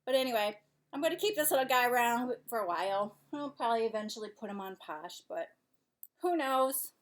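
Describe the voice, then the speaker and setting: A woman's voice: fairly high pitch, expressive, brisk. Chatty woman vlogger eating at home. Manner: chatty, rambling, trailing off and restarting. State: out of breath. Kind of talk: casual chat to camera while eating. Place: her home, kitchen and living room couch.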